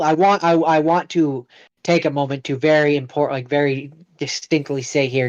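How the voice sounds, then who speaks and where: A man with a slightly raised pitch talks in a casual podcast chat. He pauses a lot and leans on fillers. His voice comes through a slightly dull, lo-fi recording. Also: smooth. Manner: hesitant, many "um" fillers. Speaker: podcast co-host.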